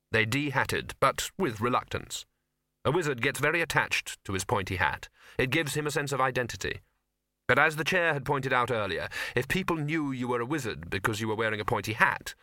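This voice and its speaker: Brief: male audiobook reader, animated and bright, dry close studio sound. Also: mid-range voice, no room sound. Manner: expressive, comic storytelling. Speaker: audiobook narrator. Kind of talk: scripted narration.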